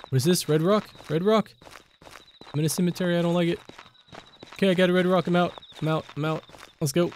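A man's voice: high-pitched, steady tone, fast talker, pauses often, darkish tone, a little hiss or hum. A young man commentating a let's play of a horror game, jumping between panicky yelps and joking asides. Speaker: gaming YouTuber.

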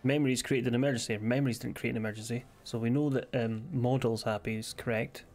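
A Scottish man streaming a game live, chatting casually, joking and swearing while thinking out loud. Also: medium pitch, steady tone, fast. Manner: sweary, jokey, thinks aloud. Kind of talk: casual gaming stream chat.

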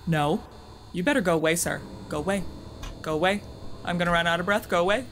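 A young woman playing a horror game, talking to herself and shrieking when startled, then hushing to a mutter while hiding. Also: fairly low pitch, fast, a little hiss or hum. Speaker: gaming streamer. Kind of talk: horror game playthrough commentary.

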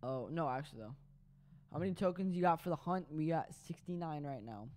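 A man's voice: a little high, animated, a little fast, darkish tone. A young man streaming a game live, tired and rambling as he chats with viewers while playing. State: sleepy. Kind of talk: casual live-stream chat. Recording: faint background noise.

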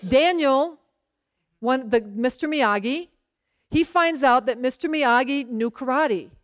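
A woman pastor delivers a sermon with a high, smooth and clear voice. She tells stories in a chatty, conversational way and keeps turning to the congregation to check they are following. The sound is close and dry. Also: takes it slowly, no room sound. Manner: acts out short bits of dialogue in a lowered voice.

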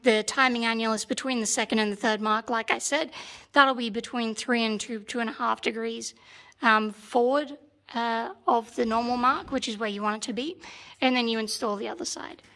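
An Australian woman with a slightly hoarse, fairly high voice walks through a workshop tutorial. She explains patiently, step by step, and repeats the points that matter. She records on a phone held in one hand. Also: steady tone, normal speed, pushed and bright. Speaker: tank restoration mechanic. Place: workshop beside a tank engine.

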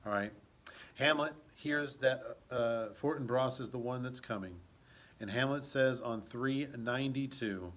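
A man's voice: medium pitch, measured pace, fairly bright tone. A man teaching, reading a play aloud and explaining it, with frequent check-ins to his listeners.

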